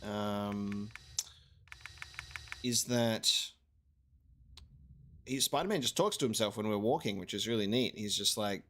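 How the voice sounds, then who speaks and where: A man hosting casual gameplay commentary, excitable, prone to swearing and laughing outbursts. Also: fairly low pitch, measured pace, pauses often. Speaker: gaming video host.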